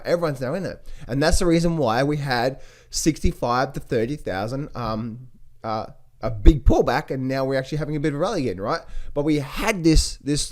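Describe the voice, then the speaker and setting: A man talking casually about markets to viewers, animated, repeating words and mimicking other people's voices. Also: on the high side. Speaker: trading educator. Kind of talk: casual market commentary to camera.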